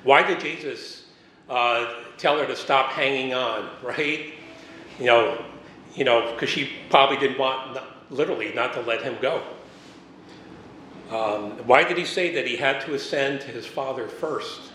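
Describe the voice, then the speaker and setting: Male preacher, middle pitch, reads verses then explains them with many fillers; roomy sound, faint noise behind. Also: a little slow, pushed and bright. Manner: reads verses aloud, breaks off to explain, frequent "uh" and "um". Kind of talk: sermon with scripture reading. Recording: echoey room, faint background noise.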